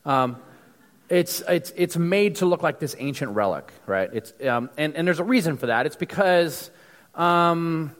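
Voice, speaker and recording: A man from the United States preaches in a loose, conversational way, stumbling through fillers and restarts. His voice sits a bit high for a man. It rings with the long reverb of a big hall. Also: expressive, measured pace. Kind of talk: casual sermon.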